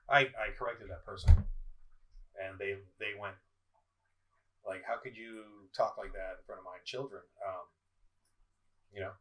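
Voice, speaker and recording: Heated middle-aged man, bright and forceful. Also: medium pitch. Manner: heated, accusing, full of restarts and repeats. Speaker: political vlogger. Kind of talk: ranting video commentary. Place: indoors at home, in front of a screen. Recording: voice somewhat far from the mic.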